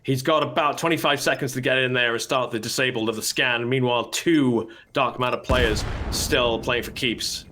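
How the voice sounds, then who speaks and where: A man calling a live esports match play-by-play, bursting into high shouts at big plays. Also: fairly even intonation, moderate pace, few pauses, slight background noise. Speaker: esports caster.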